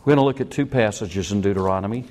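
An older man, a pastor, preaching a sermon in an animated way that acts out the quotes he tells. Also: fairly low pitch, quick pace.

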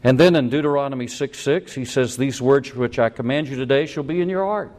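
An older man, a pastor, preaching a sermon in an animated way that acts out the quotes he tells. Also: medium pitch, brisk.

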